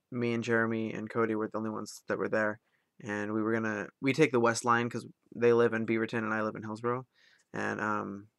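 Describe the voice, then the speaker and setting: A man's voice: fairly low pitch, creaky, a bit bright, no echo, clean studio sound. A young man telling a long story in a casual vlog, rambling with lots of ums and likes. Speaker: vlogger.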